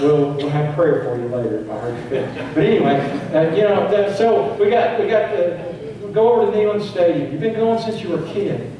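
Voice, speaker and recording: A man delivers a sermon, his fairly high voice building emphasis through repetition. He is picked up from afar in a church sanctuary with heavy echo and a faint hiss of noise. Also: mellow. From East Tennessee. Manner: preaching with rising emphasis and repeated phrases. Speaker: pastor. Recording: very echoey church, distant mic, faint noise.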